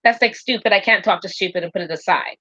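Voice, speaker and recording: A woman's voice: mid-range voice, quick pace, bright, forceful tone, lo-fi sound. A woman from Canada co-hosting a casual talk show, blunt and exasperated, often repeating apologies. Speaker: co-host. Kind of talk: casual chat.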